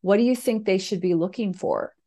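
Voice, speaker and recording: A woman's voice: mid-range voice, brisk, warm tone. A woman hosting a spiritual podcast, interviewing a guest in an affirming, conversational way. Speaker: podcast host.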